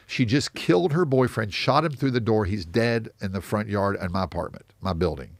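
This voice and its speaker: A man with a low, gravelly voice tells stories as an interview guest, acting out what people said along the way. He comes from the United States. The sound is dry and close. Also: fairly quick, few pauses, no room sound. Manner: animated anecdotes with quoted dialogue. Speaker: real estate investor guest. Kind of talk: storytelling interview.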